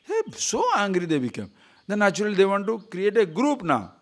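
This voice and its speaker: An older man gives a spiritual teaching talk, telling stories in an animated way and laughing often. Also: high voice, fairly quick. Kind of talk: scripture talk.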